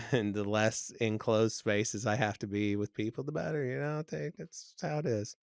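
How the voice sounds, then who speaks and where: A middle-aged man co-hosting a podcast in casual chat, telling relaxed anecdotes. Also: fairly low pitch, moderate pace, vocal fry, no room sound, studio quality. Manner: easygoing, anecdotal, breaks into loud mock rants. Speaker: podcast co-host.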